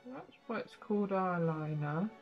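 A woman's voice: lowish voice, animated, a little slow, muffled recording, soft background music. A young woman doing a casual makeup vlog, self-mocking and swearing as she talks to herself and her dog. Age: young adult. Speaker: beauty vlogger.

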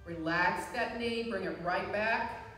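A woman instructor guiding a live chair yoga class, with calm, encouraging cues and frequent reminders to breathe. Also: medium pitch, slow pace, recorded from a distance, soft background music. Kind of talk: live guided fitness class. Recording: echoey hall, voice from afar.

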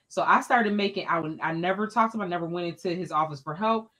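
A woman, an education scholar, telling a personal story as a podcast guest in an animated, expressive, colloquial way. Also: fairly low pitch, fast talker.

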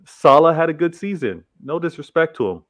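A man's voice: a little high, animated, a little fast, fairly bright tone, no echo. Man with an accent, emphatic football panelist, casual debate, dry close sound. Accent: non-English accent. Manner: emphatic, repeats phrases when arguing.

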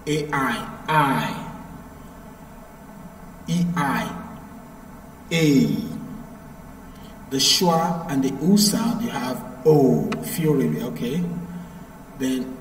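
A man's voice: medium pitch, a little mellow, slight background noise. A man teaching English pronunciation to a live class, patient and repeating points to drill them. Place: echoey classroom. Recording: roomy, echoey, from far off.

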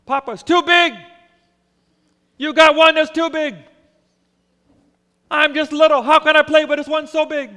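A man voicing a whiny, stubborn three-year-old boy who complains loudly. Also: high voice, animated, normal speed, gravelly, in a large hall, exaggerated voice. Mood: whiny, upset. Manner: whining, complaining.

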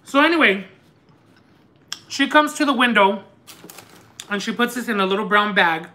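Chatty man with a bright, high voice. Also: moderate pace. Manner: animated, chatty, sarcastic storyteller. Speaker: mukbang host. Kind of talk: casual storytelling while eating on a livestream.

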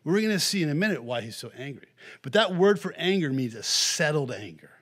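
Male pastor, lively sermon delivery, slightly high voice, quiet asides and loud bursts. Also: brisk. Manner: animated preaching, voicing the angry older brother in bursts; swings between hushed asides and loud exclamations.

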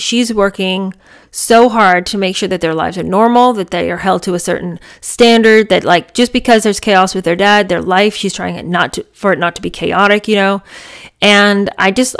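A woman's voice: mid-range voice, smooth. A woman reading a memoir aloud and breaking off into chatty, enthusiastic commentary full of "you know" and "I mean". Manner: chatty, enthusiastic, many fillers. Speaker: book reader and reviewer.

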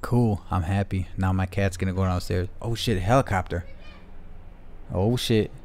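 He talks from home as a podcast host, fairly quick and steady in tone, his voice low and a little mellow. The conversation wanders loosely, sincere in feeling and heavy on swearing.

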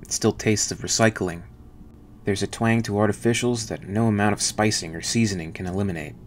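A man with a low voice voicing a dazed, starving male spaceship crewman in an audiobook-style reading. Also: brisk, a little hiss or hum, lightly acted. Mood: puzzled hungry.

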